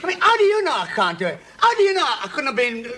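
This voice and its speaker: A man's voice: very high voice, wildly swooping pitch, fast, exaggerated voice. An actor playing a cheeky young man who argues back and retorts sharply. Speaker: sitcom character. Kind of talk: 1970s sitcom acting. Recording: hissy old TV recording.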